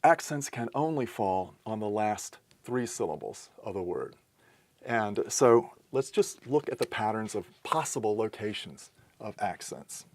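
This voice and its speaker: A man's voice: fairly low pitch, expressive, measured pace, no room sound. A man giving a recorded lesson, explaining step by step in a methodical way and correcting himself now and then. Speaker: teacher. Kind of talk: recorded lecture.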